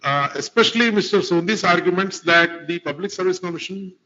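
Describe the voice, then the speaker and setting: A man's voice: sits high, fairly quick, sharp tone. A man arguing formally before a court as an advocate, deferential and constantly addressing the bench. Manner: formal, deferential, repeats "my lord" often. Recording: dull lo-fi courtroom recording.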